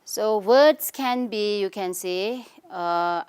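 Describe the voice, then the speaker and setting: A woman's voice: medium pitch, slow, a little mellow, clear, resonant tone. Tibetan-accented woman teaching English grammar. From Tibetan community in India. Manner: explanatory, frequent "okay?" and "you can say" checks. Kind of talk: recorded lesson.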